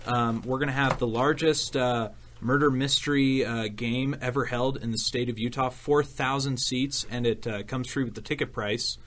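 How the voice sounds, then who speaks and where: Rambling man pitching a gaming convention. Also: steady tone, normal speed, few pauses, fairly bright tone. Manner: rambling, filler-heavy, joking. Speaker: convention PR guest. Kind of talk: casual radio chat. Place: radio studio.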